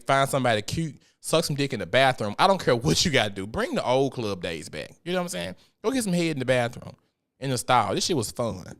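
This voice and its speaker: A man with a fairly bright mid-range voice hosts a laid-back podcast by himself. He rants with blunt profanity and jokes, sometimes going mock-preachy as he talks to God.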